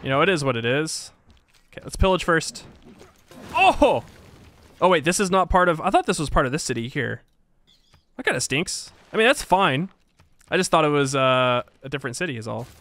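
A man's voice: a little high, big pitch swings, moderate pace, long pauses, a bit bright, dry recording. A young man casually commentating his strategy game as a streamer, joking, laughing often and talking to himself and his chat.

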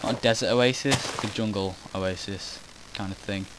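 A man's voice: fairly low pitch, normal speed, noisy background. Rambling man commentating a game. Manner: meandering, self-interrupting, casual swearing. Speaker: gaming commentator.

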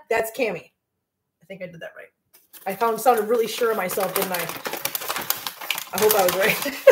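Middle-aged woman, home cooking-stream host, rambling and friendly, slightly high voice, echoey kitchen. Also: noisy background. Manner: chatty, rambling, laughs often, coos at her cats. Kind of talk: casual chat while cooking live.

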